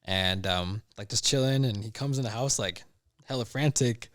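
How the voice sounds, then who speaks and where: A man's voice: medium pitch, normal speed, no room sound, clean studio sound. A young man, a podcast guest, telling a story in a laid-back, slangy way. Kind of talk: casual chat.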